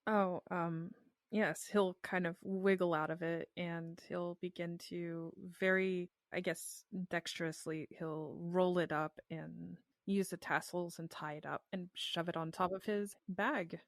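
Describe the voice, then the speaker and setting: A woman's voice: fairly low pitch, fairly even intonation, measured pace, dry recording, studio quality. A woman playing a tabletop game who describes her character's actions in a hesitant way, with many fillers. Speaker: player.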